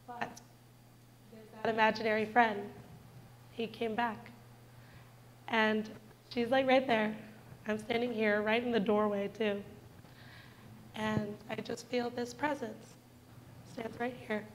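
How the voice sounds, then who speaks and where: A woman's voice: a little high, flat delivery, takes it slowly, pauses often, slight background noise, low-quality recording. A woman in her twenties giving a heartfelt personal testimony in a church, speaking earnestly and directly to the congregation. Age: 20s.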